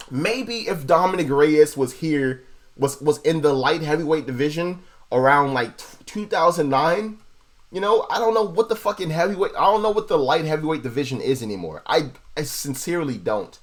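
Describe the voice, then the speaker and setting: A young man riffs through a casual fight breakdown, his pitch sitting a bit high and leaping around as he gets worked up. He swears constantly, stumbles into repeats, and peppers everything with bro and dude. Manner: profane, excitable, repeats himself, says bro and dude. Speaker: MMA analysis host. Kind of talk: casual fight analysis monologue.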